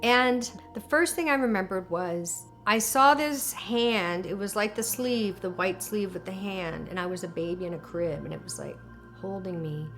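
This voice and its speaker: A woman's voice: mid-range voice, moderate pace, soft background music. Woman telling an emotional story. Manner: animated, emotional storytelling with many fillers. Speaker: interviewee recounting alien contact. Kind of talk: documentary interview storytelling.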